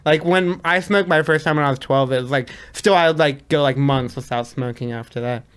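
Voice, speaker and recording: A relaxed young man chats as a podcast guest, his speech full of "like" and easy laughter. His voice is smooth and clear and sits a little high for a man. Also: a little fast. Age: young adult. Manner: laid-back, full of likes and laughs. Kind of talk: casual chat.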